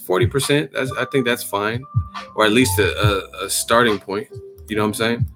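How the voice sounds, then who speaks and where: A man's voice: moderate pace, over music. A man hosting a live boxing chat, casual and profane, full of slang and laughs. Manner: profane, laughing, slangy, puts on a deep announcer voice as a joke.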